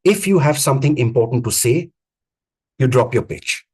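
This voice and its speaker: Husky-voiced male communications coach. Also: mid-range voice, expressive, a little mellow. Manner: emphatic, repetitive phrasing with deliberate pauses. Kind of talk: live online coaching talk. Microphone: video call.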